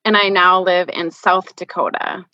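Bright-voiced Minnesota woman, lo-fi audio. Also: fairly low pitch, flat delivery, a little slow, no echo. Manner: chatty, candid, frequent "like" fillers. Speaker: guest, financial planner. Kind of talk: casual podcast conversation. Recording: dull lo-fi remote audio.

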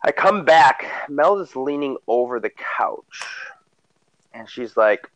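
A man casually telling a story, animated, acting out what people said with sudden loud, high bursts. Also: slow, rough recording.

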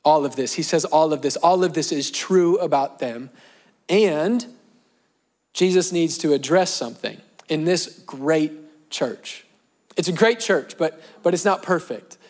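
A man's voice: a little high, a little slow, a little mellow. A young adult man preaching a sermon, talking in a conversational way with emphatic repeated phrases. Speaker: pastor.

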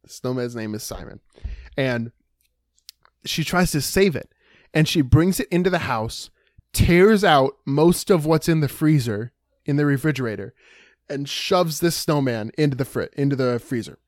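Animated man telling a story. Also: moderate pace, no echo, studio quality. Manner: animated storyteller, swinging pitch, exaggerated dismay. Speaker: podcast co-host. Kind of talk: casual chat.

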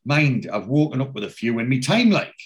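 A man's voice: medium pitch, sing-song, fairly quick, lightly acted. A man voicing a brash, boastful middle-aged builder while retelling a scene. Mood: matey.

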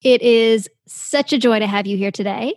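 A woman's voice: a little high, normal speed, no room sound. Upbeat podcast host woman, dry sound. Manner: upbeat, effusive. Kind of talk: scripted podcast introduction.

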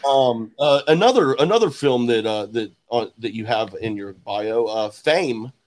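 A man's voice: medium pitch, animated, a little slow. A man hosting an interview, asking questions hesitantly with many fillers. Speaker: interview host.

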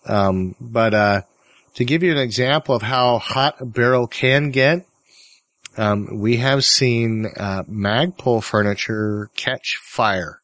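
A man hosting a podcast in casual, relaxed chat, joking easily with his co-hosts. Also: fairly low pitch, dry recording. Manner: relaxed, easygoing, joking banter. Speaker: podcast host.

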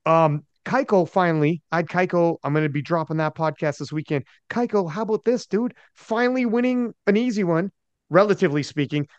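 A man hosting a podcast in casual, animated chat, slangy and fond of mimicking the people he talks about. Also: sits high, brisk, dry recording, lo-fi sound. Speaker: podcast host.

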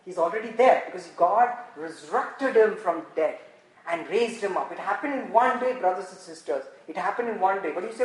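Animated preacher, male, asks the room questions, reverberant hall sound. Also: extremely high pitch. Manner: animated, rhetorical questions, quick asides. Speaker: pastor. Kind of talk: sermon.

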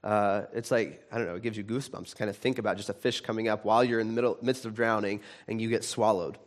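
A man preaching a sermon in a conversational way, with frequent restarts, who grows animated when he retells a story. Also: on the low side, fast. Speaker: pastor.

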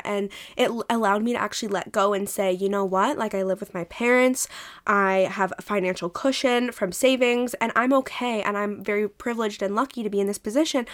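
Chatty young woman podcast host. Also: a little high. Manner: chatty, candid, swears casually. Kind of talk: casual solo podcast monologue.

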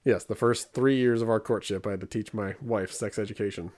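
A man's voice: lowish voice, fairly quick. A man in his thirties co-hosting a podcast, telling funny stories in casual chat and acting out quotes. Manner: animated storytelling with put-on quotes. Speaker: podcast co-host.

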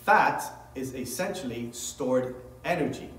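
A man's voice: medium pitch, expressive, unhurried, a bit bright, echoey room, recorded from a distance, slight background noise, low-quality recording. A man preaching as a pastor, reading scripture aloud and then explaining it with rising emphasis. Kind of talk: sermon.

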